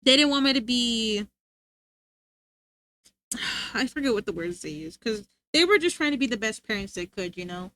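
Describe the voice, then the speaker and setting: A woman's voice: fairly high pitch, lively intonation, moderate pace, long pauses, fairly bright tone. A young woman livestreamer chatting casually with her viewers, rambling and often giggling.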